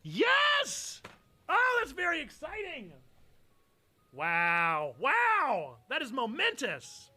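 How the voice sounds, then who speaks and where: Excitable high-voiced man streaming a game. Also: drawn-out words, a little hiss or hum. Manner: excitable, yelps and shouts at the game. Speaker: streamer host. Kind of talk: live game streaming chat.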